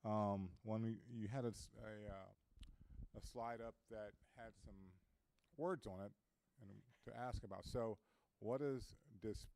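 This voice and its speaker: Low-voiced guy hosting q&a, casual, trips over words a bit. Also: steady tone, unhurried, darkish tone, low-quality recording. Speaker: moderator.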